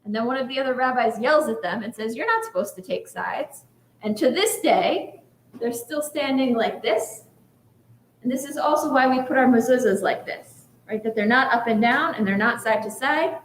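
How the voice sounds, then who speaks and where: A woman's voice: fairly high pitch, moderate pace, reverberant, a little hiss or hum. A woman rabbi giving a conversational sermon, often checking in with "right?". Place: synagogue sanctuary.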